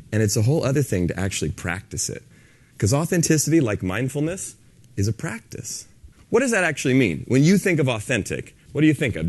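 A man speaking to an audience, telling stories with lots of movement in his voice. He acts out both sides of a conversation as he tells it. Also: medium pitch. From San Francisco. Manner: animated storyteller, acts out dialogue. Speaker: speaker on authenticity. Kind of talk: live talk to an audience.

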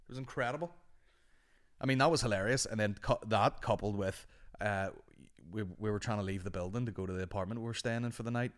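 A man's voice: fairly low pitch, a little fast. A man with a Northern Irish accent hosting a podcast, telling rambling, sweary stories in casual chat. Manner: sweary, rambling, animated anecdotes. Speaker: podcast host.

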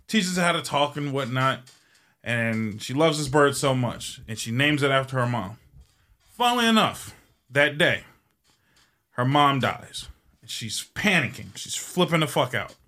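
Bright-voiced, rambling, profane male host. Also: mid-range voice, animated, normal speed. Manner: rambling and profane, with frequent fillers. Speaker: show host. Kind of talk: casual joke-telling.

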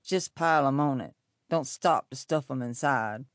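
Gruff, sarcastic frontier cook, put on by a woman reader, low and grumbly, dry close sound. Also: moderate pace, no echo. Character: gruff old male camp cook, sarcastic.

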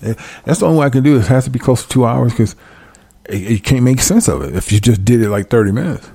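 A man reading scripture aloud and preaching in a casual livestream, drawing out the verses slowly, then breaking into quick asides and checking that listeners follow along. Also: medium pitch, animated, creaky, dark tone, breathy edge, no echo.

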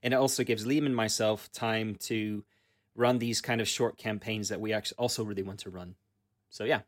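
Guy on a gaming podcast, lowish voice, lots of ums and restarts, just chatting. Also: steady tone, normal speed. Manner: rambling, many fillers and restarts. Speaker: podcast co-host. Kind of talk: casual chat about tabletop games.

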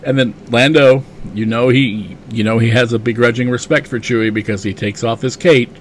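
A man's voice: medium pitch, steady tone, normal speed, a little hiss or hum. A man hosting a podcast, recapping a comic casually with enthusiasm, lots of "you know" and chuckles. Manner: enthusiastic, chuckling, many fillers.

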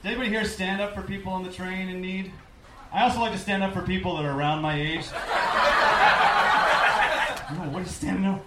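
A man's voice: sits high, fairly even intonation, quick pace, long pauses, echoey room, far from the mic, heavy background noise. A man from Canada doing a stand-up set in a club, with dry jokes and crowd work. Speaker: stand-up comedian.

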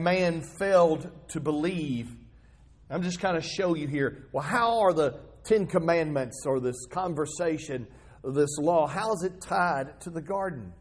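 A man's voice: a little high, husky. A male pastor giving a sermon in a conversational, storytelling manner, asking the congregation rhetorical questions.

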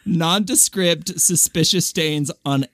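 A young man with a fairly high voice chats playfully on a podcast, tossing off quick asides. The sound is dry and close, with no room around him. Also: fairly bright tone, no room sound. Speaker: podcast co-host. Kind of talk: casual chat.

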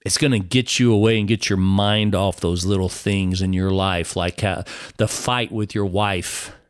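A man's voice: low-pitched, steady tone, measured pace, clean tone, no echo, studio quality. A man giving an earnest personal testimony sermon, speaking straight to the listener and calling him brother.

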